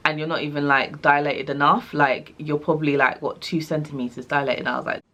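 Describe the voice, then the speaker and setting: Her voice is low and she talks a little fast as this young vlogger casually recounts something that happened to her. Animated throughout, she plays out the dialogue of each person in the story.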